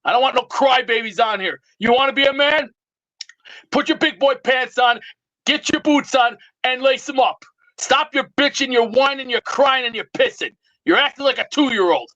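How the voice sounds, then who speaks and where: High-pitched ranting man. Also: normal speed, bright, forceful tone, dull audio. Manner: blustering, drill-sergeant ranting. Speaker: regular caller. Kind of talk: ranting call-in bit.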